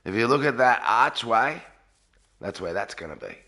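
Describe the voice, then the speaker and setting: A man live-streaming a game early in the morning from a garage, talking quietly and sleepily while reading out chat. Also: medium pitch, very animated, moderate pace. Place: garage with echo.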